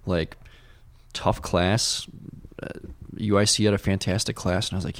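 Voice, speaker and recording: A low, gravelly man talks loosely and casually as a paramedic educator, full of fillers and little acted-out asides. His voice is close and dry, with no room around it. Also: fairly even intonation, normal speed, no echo. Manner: loose, chatty, many fillers, acts out his past reactions. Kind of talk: casual conversation.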